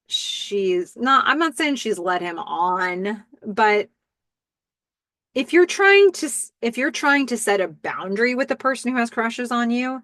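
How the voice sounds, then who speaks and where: A woman's voice: fairly high pitch, no echo. Middle-aged woman host, enthusiastic recapper, dry close sound. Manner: animated, enthusiastic. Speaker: podcast host. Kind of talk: TV episode recap.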